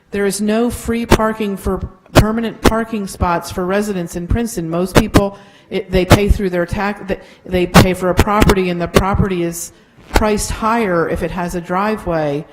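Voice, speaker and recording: A council member answering residents in a meeting, halting and restarting often with many fillers. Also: medium pitch, fairly even intonation, very noisy.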